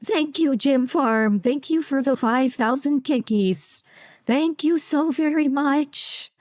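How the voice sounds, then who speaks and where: A woman's voice: high-pitched, takes it slowly, a little mellow, dry recording. A woman streamer reacting live to a podcast, giggly and flustered, thanking viewers.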